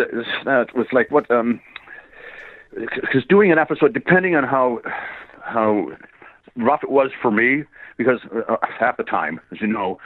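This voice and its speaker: An older man, a voice actor, talking in a rambling and laughing way in a casual interview, swearing freely and tiring his voice quickly. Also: medium pitch, no echo. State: gets hoarse quickly. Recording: tinny phone-line sound, dry.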